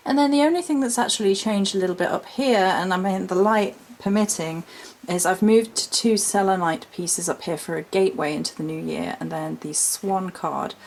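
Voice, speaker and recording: A woman in a casual home vlog, talking in a gentle, rambling, chatty way with little asides as she shows her altar. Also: mid-range voice, moderate pace, creaky. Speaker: witch vlogger showing her altar.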